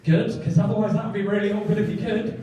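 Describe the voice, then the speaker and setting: A man's voice: high-pitched, little pitch movement, fast, warm tone, lo-fi sound. A young man doing a stand-up set, self-deprecating and sweary as he tells a story. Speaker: stand-up comedian. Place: comedy club stage. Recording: echoey club, mic from far off, audience.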